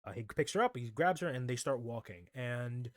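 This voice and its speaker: A man's voice: mid-range voice, expressive, normal speed, no room sound. Rambling man recapping an anime, dry sound. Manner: rambling, keeps adding "right?" and restarts. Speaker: anime commentary host.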